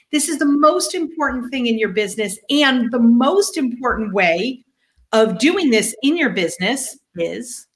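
A woman's voice: fairly high pitch, a bit bright. A woman co-hosting a business podcast, playful and bubbly, with teasing asides while she introduces her guest. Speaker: podcast co-host. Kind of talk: casual show hosting.

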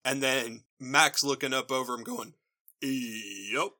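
Bright-voiced wry co-host. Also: mid-range voice, steady tone, moderate pace. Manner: wry, laughs often, dry asides. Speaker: podcast co-host. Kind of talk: casual chat.

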